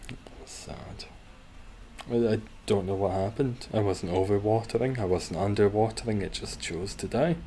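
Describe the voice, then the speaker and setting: Low-voiced man rambling while gaming. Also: fairly quick, hardly any pauses, warm tone, slight background noise. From Scotland. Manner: rambling, wry, chatting with viewers between moves. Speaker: game streamer. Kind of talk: casual livestream chat while gaming.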